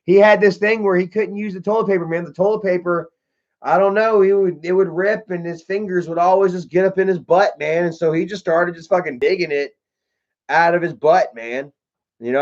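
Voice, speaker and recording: Guy on a livestream rambling through a story, high voice, says man and bro constantly, swears a lot, dull lo-fi audio. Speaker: livestream host. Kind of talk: casual storytelling to live chat.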